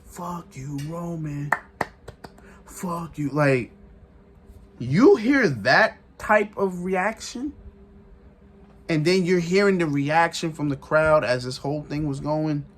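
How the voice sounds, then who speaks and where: A man giving a casual, excitable recap of a wrestling event, repeating phrases for emphasis and laughing often. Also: fairly high pitch, takes it slowly. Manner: excitable, retells with shouted quotes and sound effects. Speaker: wrestling reviewer.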